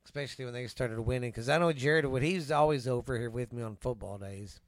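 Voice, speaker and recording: A man's voice: mid-range voice, a little fast, dry recording. A man with a Texan accent hosting a casual podcast, telling rambling stories with swearing and trailing fillers. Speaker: podcast host.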